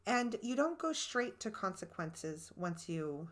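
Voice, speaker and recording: This is a woman in her thirties with a somewhat low-pitched voice, co-hosting a marriage podcast. She explains things earnestly and patiently, and she walks through step-by-step examples of setting boundaries. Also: sing-song, slow pace, a bit bright. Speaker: podcast co-host. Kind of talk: relationship advice talk.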